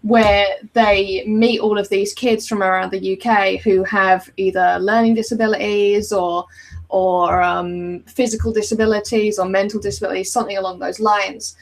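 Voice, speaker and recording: A woman's voice: mid-range voice, fairly even intonation, moderate pace, low-quality recording. Woman, casual podcast chat, rambling, filler-heavy. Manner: rambling, many ums and likes. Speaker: podcast co-host.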